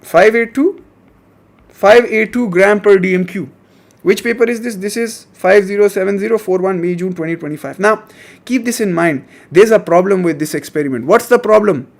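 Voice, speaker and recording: Male chemistry tutor, high voice, keeps prodding the class for answers. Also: moderate pace. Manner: coaxing, repeats questions to students. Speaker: chemistry teacher. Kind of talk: online exam-prep lesson.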